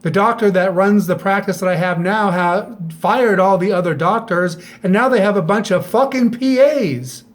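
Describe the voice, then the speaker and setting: A middle-aged man talking straight to camera in a bitter, profane monologue, firing off sharp rhetorical questions. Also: high voice. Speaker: vlogger.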